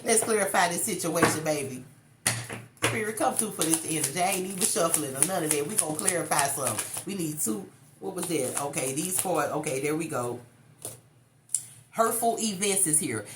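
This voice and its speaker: A woman doing a casual tarot reading for viewers, slangy and emphatic, calling the listener baby. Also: fairly low pitch. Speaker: tarot card reader. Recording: echoey room, faint noise.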